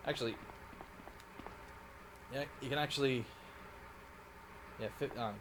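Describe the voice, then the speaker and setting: A man's voice: mid-range voice, fairly even intonation, slow, background noise. A Scottish man casually commenting on a live game stream, rambling and correcting himself as he plays. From Scotland. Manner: rambling, self-correcting, giggly.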